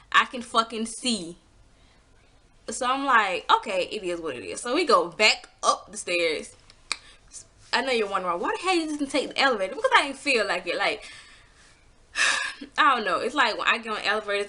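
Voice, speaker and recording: A young woman vlogger in her twenties telling a story in a casual, blunt way. Her voice is bright and sits at a middle pitch. She acts out her own past lines with sudden leaps upward and swears freely.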